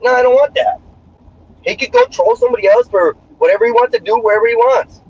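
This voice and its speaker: A man's voice: very high voice, big pitch swings, fast talker, darkish tone, breathy edge. A man streaming live, arguing heatedly and defensively, swearing a lot. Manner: profane, defensive, argumentative. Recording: dull lo-fi stream audio, faint noise.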